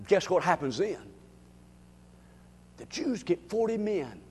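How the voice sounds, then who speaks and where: A man preaching an animated Bible lesson, calling for responses from the crowd and bursting into shouts. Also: high voice, normal speed, slightly rough. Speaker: preacher teaching Bible study. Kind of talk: animated sermon. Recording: long reverb in a large hall.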